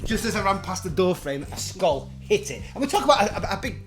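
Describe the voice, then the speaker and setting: Chat-show host, swears freely, animated pitch, music behind. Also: quick pace. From Moston, Manchester. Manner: crude, storytelling, swearing. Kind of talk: casual chat show advice.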